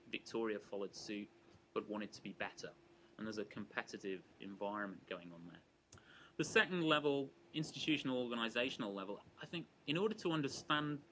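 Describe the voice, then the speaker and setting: A man giving an academic lecture to a live audience in a measured, explanatory way, often restarting his phrases. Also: mid-range voice, sharp tone, a little hiss or hum, rough recording. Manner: measured and explanatory, with frequent restarts and hedging asides.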